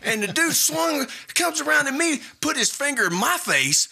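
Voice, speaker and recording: Bright-voiced radio host. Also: male voice, very high voice, normal speed, creaky. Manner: animated, chatty, self-deprecating humor. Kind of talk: casual storytelling on a radio show.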